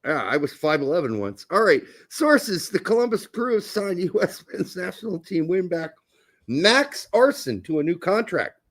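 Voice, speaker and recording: A middle-aged man in casual podcast chat, his voice rising and falling freely as he tells jokey stories. He sits a bit high for a man and laughs often between lines. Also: very animated, moderate pace, fairly bright tone. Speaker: podcast co-host.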